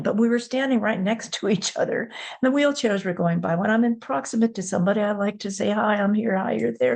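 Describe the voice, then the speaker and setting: An older woman hosting a podcast, telling a personal story candidly and acting out the dialogue with a rising, animated voice. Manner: animated, rising pitch when retelling dialogue. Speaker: podcast host.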